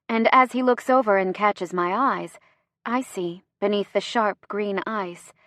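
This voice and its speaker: A woman reading first-person narration for a romance audiobook, expressive and close to the mic. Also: on the low side, no room sound.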